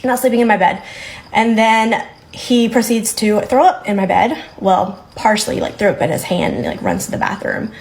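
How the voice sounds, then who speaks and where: A woman's voice: medium pitch, wildly swooping pitch, moderate pace, a little mellow, low-quality recording. Young woman rambling through a story. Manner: chatty, rambling retelling. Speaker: storyteller recounting a date. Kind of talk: casual story to camera.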